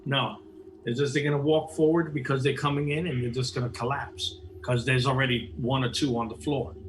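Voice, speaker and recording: An eager male tabletop player talks through his plans out loud. His grammar is casual and loose, and his voice sits at a middling pitch. Faint room ambience can be heard behind him. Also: steady tone, brisk, slight background noise. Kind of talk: tabletop game play, casual.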